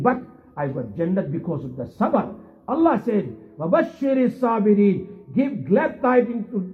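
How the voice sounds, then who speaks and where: A man preaching a sermon in an earnest storytelling manner, mixing in Arabic and Urdu phrases. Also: sits high. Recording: tinny phone-like audio.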